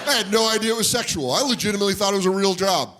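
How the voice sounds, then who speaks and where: A man's voice: high-pitched, racing, over music. A man performing stand-up comedy on stage, telling stories and acting out the voices of people in them. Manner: animated, acts out voices of people in his stories. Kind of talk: stand-up storytelling. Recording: live club set with audience noise behind.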